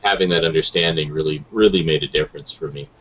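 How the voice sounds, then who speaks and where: A man hosting a casual geek chat stream, relaxed and full of ums, swearing now and then. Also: very deep voice, fast, muffled recording, a crowd in the background. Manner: laid-back, many ums and uhs, swears casually. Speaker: host.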